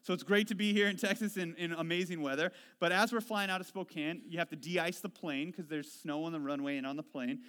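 Guy preaching a sermon, kinda high voice, telling funny stories on himself, goes soft and quiet then gets worked up. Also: brisk, hardly any pauses, clear, resonant tone. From Washington State. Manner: storytelling, self-deprecating, animated when retelling frustrations. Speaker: pastor.

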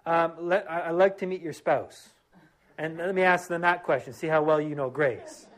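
A man with a slightly raised pitch delivers a sermon from the pulpit of a church. He preaches with earnest emphasis, hammering points through repetition, and eases into a hushed, reverent prayer. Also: steady tone, moderate pace. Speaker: pastor.

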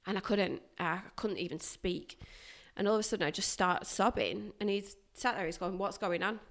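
A woman, a guest recounting a hard workplace experience in a candid, animated way. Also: mid-range voice, moderate pace. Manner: animated, emphatic retelling with bursts of loudness. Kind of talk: candid personal storytelling.

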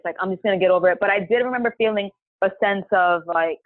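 Talking fast at a medium pitch, a woman on a podcast tells her own story in a chatty manner, packed with "like" and replays of her past words. The audio has no room sound and a dry, tinny phone-line feel.

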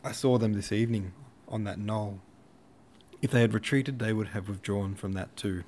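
A man voicing an old general who speaks in a curt, measured way. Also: fairly low pitch, a little mellow, a little hiss or hum, close to an everyday voice. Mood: firm. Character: old commanding male general, calm and terse.

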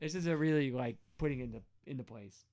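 A man's voice: quick pace, a little mellow, no echo. A man co-hosting a podcast, chatting casually about scripture with many fillers and rambling asides. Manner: rambling, many fillers, acts out quotes in a high whiny voice. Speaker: podcast co-host. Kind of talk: casual Bible study chat.

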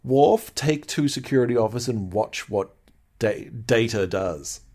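A man's voice: mid-range voice, expressive, a little slow, darkish tone. A man co-hosting a podcast, chatting casually and eagerly about a TV episode and quoting its lines. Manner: enthusiastic, quotes lines from the show. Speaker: podcast co-host. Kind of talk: casual chat recapping a TV episode.

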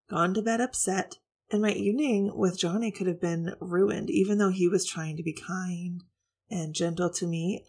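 A woman's voice: mid-range voice, creaky, a little mellow, slightly rough. A woman hosting a podcast, telling a personal story to her listeners in a candid, reflective, confessional way. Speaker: podcast host.

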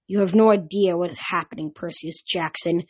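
Woman reading as a sinister monster man, cold, mocking, slow and menacing, storybook villain. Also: fairly low pitch, steady tone, darkish tone, husky. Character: sinister male monster posing as a teacher.

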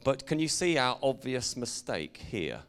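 A man's voice: mid-range voice, big pitch swings, unhurried, a bit bright, clean tone. An English preacher telling a playful, jokey story to his congregation and teasing the listeners as he goes. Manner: playful, jokey, engages the audience.

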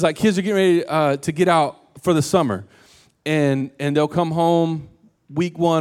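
A man's voice: a little high, normal speed, clean tone. Casual joking male pastor preaching. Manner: casual and conversational, animated quotes and jokes. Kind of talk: sermon.

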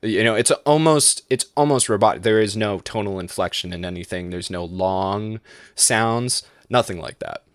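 A man's voice: fairly low pitch, normal speed, no room sound, clean studio sound. A man chatting casually as a podcast host, rambling with lots of restarts and laughs. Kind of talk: casual chat.

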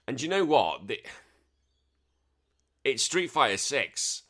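A man's voice: medium pitch, very animated, slow, bright, forceful tone. A middle-aged man hosting a casual podcast, rambling, swearing freely and laughing easily. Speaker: podcast host. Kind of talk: casual chatty podcast talk.

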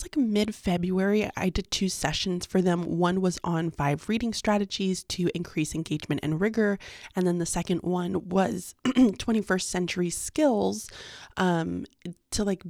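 Young woman, teacher vlogging at home, chatty with ums and laughs, fairly low voice, dry close recording. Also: darkish tone, dry recording. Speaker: teacher and podcaster. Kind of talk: casual vlog diary. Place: home, quiet in the mornings.

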